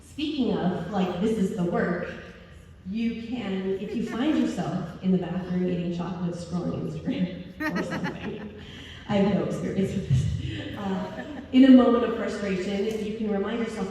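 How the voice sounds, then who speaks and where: A woman's voice: mid-range voice, moderate pace, mellow. A woman giving a humorous, self-deprecating talk to homeschool parents, often laughing as she speaks. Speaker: convention speaker. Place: large convention hall. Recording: echoey hall from far off.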